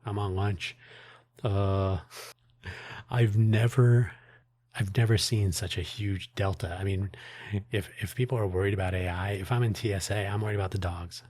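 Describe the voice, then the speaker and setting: A man's voice: low voice, steady tone, moderate pace, darkish tone, no room sound. A man hosting his own podcast, talking in a rambling, wry way with frequent restarts and asides. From United States. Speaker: podcast host. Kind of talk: casual solo monologue.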